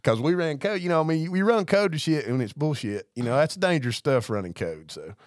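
A man's voice: fairly high pitch, expressive, a little fast, dry recording, studio quality. A male podcast co-host and police officer, telling profane stories in casual chat and laughing at his own punchlines. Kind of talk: casual storytelling over drinks.

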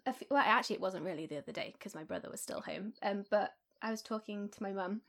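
Speaking fast at a medium pitch, a young woman co-hosts a podcast, chatting casually and rambling with frequent laughter.

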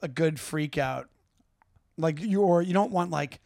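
A man co-hosting a comedy podcast in casual chat, enthusiastic, laughing often and slipping into quick impressions. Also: fairly high pitch, creaky, darkish tone, no echo, studio quality. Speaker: podcast co-host.

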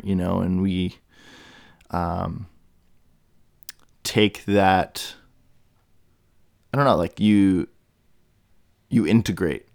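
Here a man hosts a podcast alone, his low-pitched, gravelly voice drifting through rambling thoughts packed with fillers and restarts as he fights the hiccups. It's a clean studio recording without echo.

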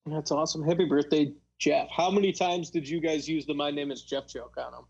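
A young man co-hosting a podcast, telling animated stories in casual chat and fumbling for details. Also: fairly high pitch, a little fast, creaky, breathy edge, dull audio. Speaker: podcast co-host.

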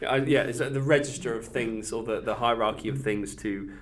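Here a man co-hosting a podcast talks through a film casually and tentatively, dotting his speech with fillers and unfinished phrases. His pitch is medium, his speed normal, and there's a slight hiss or hum in the recording.

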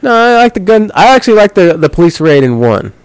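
A man's voice: high voice, very animated, fast talker, clear, resonant tone, no room sound. A man co-hosting a podcast in casual chat, rambling and joking with frequent swearing. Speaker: podcast co-host.

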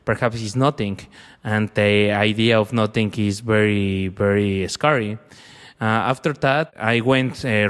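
Brief: young man, clear resonant voice, long reverb, halting storyteller. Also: lowish voice. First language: Spanish. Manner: halting, searching for words in a second language. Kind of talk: personal storytelling in conversation.

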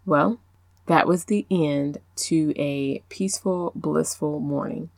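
A woman's voice: sits low, takes it slowly, gravelly, no echo. A woman, hosting a podcast and coaching mothers in an encouraging, chatty way. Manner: warm encouraging, faith-based, speaks straight to listener. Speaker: podcast host and productivity coach. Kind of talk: casual podcast talk.

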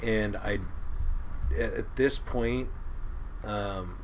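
A middle-aged man, a crab boat captain, telling stories in a casual, animated way and acting out quotes. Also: lowish voice, extremely slow, a little hiss or hum. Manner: animated storyteller who acts out quotes and laughs. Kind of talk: casual storytelling chat.

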